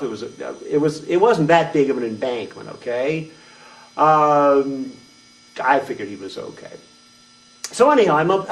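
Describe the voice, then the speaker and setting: A man playing a boastful, reckless redneck trucker, talking in a rambling, folksy, crude way in a comedic character monologue. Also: a little high. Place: small venue stage. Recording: distant mic at open mic.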